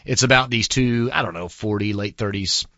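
Rambling texas guy hosting a podcast, lowish voice, kinda dull dry sound. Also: moderate pace, pushed and bright, dry recording. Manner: chatty and rambling, many fillers. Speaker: podcast host. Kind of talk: casual podcast monologue. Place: recording studio.

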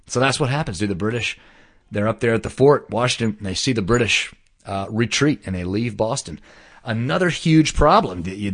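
A man telling a story in casual chat, animated and slangy, swearing now and then. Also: mid-range voice, husky.

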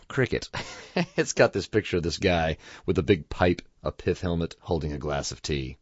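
A man's voice: sits low, normal speed, dry recording. A man hosting a show, chatting in a rambling, casual way with many fillers and chuckles. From United States. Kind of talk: casual monologue. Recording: dull lo-fi dry recording.

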